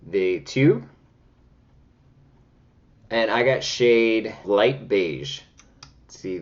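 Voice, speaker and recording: In this casual makeup review vlog, a man with a lowish voice talks from home, and the audio sounds dull. He's chatty and dramatic, tossing out sassy exclamations as he goes through the products.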